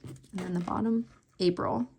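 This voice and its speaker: A woman's voice: fairly low pitch, steady tone, unhurried, mellow, a little hiss or hum. Emotional woman reading tarot cards. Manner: emotional, many fillers and restarts, exclamations. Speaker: tarot reader.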